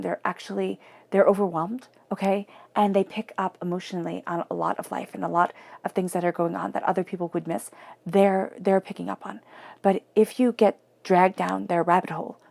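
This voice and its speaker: Tarot reader, female, gravelly and mellow tone, chatty and emphatic delivery. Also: mid-range voice. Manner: chatty, emphatic, softly murmured invocations. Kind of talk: casual tarot reading monologue.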